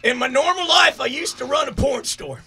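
A high, gravelly rowdy redneck drunk. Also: male voice, animated, a little fast, a little hiss or hum, heavily acted. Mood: low and ominous. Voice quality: gravelly shouting rasp. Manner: rowdy, boastful, vulgar rants. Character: crude drunken loudmouth male redneck advice-giver. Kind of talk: comedic call-in show character.

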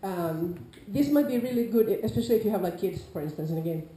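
A woman's voice: medium pitch, fast talker. Nordic woman lecturing in an echoey room. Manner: lively, acts out quoted players with sudden loud calls. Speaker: lecturer on larp safety. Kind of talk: informal lecture to a class.

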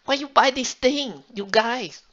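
A man's voice: very high-pitched, a little slow, pushed and bright, dull audio, pitched above the performer's own voice, full character voice. A man voicing a penny-pinching middle-aged mother who scolds in clipped, broken English. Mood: scolding.

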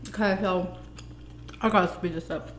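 A woman's voice: fairly low pitch, fairly even intonation, normal speed, echoey room, noisy background. A young adult woman chatting animatedly as she tells a personal story and acts out the dialogue. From United States. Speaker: vlogger. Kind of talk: storytelling while eating.

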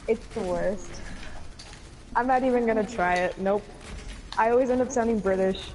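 A woman's voice: medium pitch, normal speed, darkish tone. A young woman chatting casually on a gaming stream, giggly and self-deprecating, talking with her friends and the chat. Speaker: co-streamer guest.

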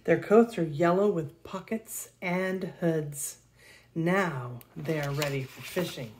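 A woman reading a children's picture book aloud in a gentle, expressive way. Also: low-pitched, slow, a little hiss or hum. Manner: gentle, expressive read-aloud with gasps and soft laughs. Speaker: storybook reader.

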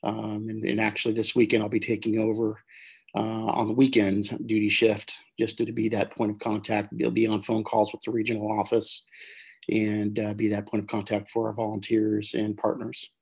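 A man being interviewed as a guest over a video call, measured with many pauses. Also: fairly low pitch, completely flat delivery, creaky, slightly rough. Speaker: park facility manager.

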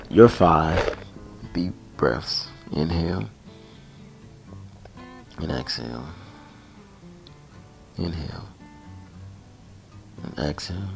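Slow, deep-voiced gravelly yoga teacher. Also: male voice. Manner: relaxed, playful cues with sighs and jokes. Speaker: yoga instructor. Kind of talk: guided yoga class. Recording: music playing behind voice.

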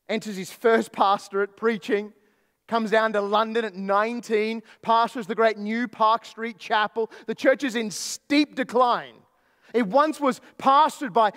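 A pastor preaching a sermon, emphatic at times and then dropping into low, quiet asides. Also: male voice. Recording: long hall reverb.

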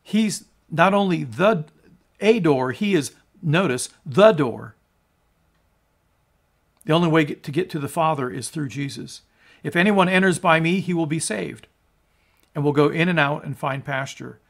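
A man preaches with earnest conviction, his somewhat high voice swelling on scripture quotes. He trails off low at the ends of phrases and stumbles and restarts words now and then. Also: normal speed, a bit bright. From United States. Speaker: pastor. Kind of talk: sermon, scripture reading and commentary.

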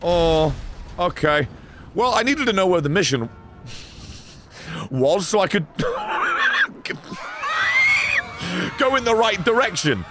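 A man's voice: high-pitched, very animated, moderate pace, long pauses, shouting, over music. A man streaming a game live, ranting at his chat in a profane, exasperated way. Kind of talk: live gameplay stream commentary.

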